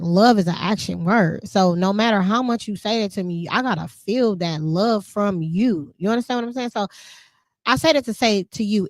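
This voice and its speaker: Animated woman podcast host, dry close sound. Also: medium pitch, dry recording. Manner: animated, emphatic, laughs often, speaks in vernacular. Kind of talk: casual conversational chat.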